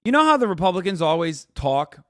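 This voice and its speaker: A man hosts a live political stream, riffing on the news in sarcastic, profane rants. His voice sits fairly high for a man, and the sound is dry and close on a desk mic. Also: a little fast, no room sound. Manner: sarcastic, profane, animated ranting. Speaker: political livestream host.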